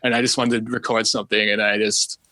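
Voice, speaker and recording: A man guest on a podcast, talking easygoing and self-deprecating, often restarting his sentences. His voice is bright and forward, and the recording is dry and close, with no room sound. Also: on the low side, little pitch movement, quick pace, no echo. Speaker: guest animator. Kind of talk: casual podcast chat.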